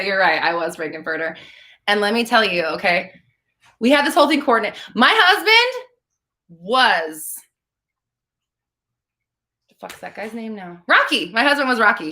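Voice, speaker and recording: A woman's voice: mid-range voice, sharp tone. A woman hosting a casual live stream, telling rambling, profane stories and laughing as she reads the chat. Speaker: podcast host answering live chat.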